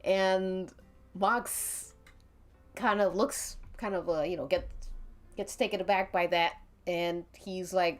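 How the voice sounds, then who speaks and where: A woman's voice: lowish voice, fairly even intonation, takes it slowly. A woman narrating a tabletop game as game master on a live stream, giggling often between lines. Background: faint background music.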